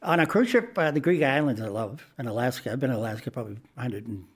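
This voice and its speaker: A man's voice: medium pitch, fast, slightly rough. An older man, a comedian guest, telling anecdotes in a podcast interview and acting out the people in them. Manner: animated anecdote teller who acts out voices.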